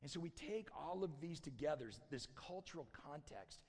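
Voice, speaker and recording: Male pastor, sermon storyteller, bright upper register, big church reverb, swings loud to hushed. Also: on the high side, expressive, moderate pace. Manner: storytelling, acting out quoted voices, swings from loud shouts to hushed near-whispers.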